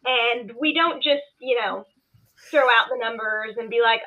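A woman from Kentucky joins a live show as a guest, her voice sitting a little high and coming through a thin, phone-like line. She chats easily, dry and joking. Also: unhurried. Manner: sarcastic, joking. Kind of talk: casual chat on a live show. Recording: tinny phone-like call line.

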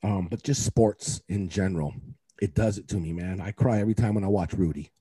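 A man's voice: low-pitched, a little fast, dark tone, breathy edge, no echo. A man, a youth coach, talking in a casual podcast chat, rambling and emotional with many fillers and restarts.

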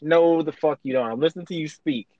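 A man's voice: on the high side, fast, warm tone, no echo, muffled recording. A man co-hosting a casual podcast, teasing his partner bluntly and swearing heavily. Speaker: podcast co-host.

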